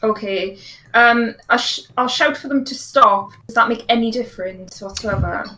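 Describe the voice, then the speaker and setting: A woman's voice: a little high, moderate pace, bright, forceful tone, a little hiss or hum, poor audio. A woman playing a tabletop game, hesitant, with many ums. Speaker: player.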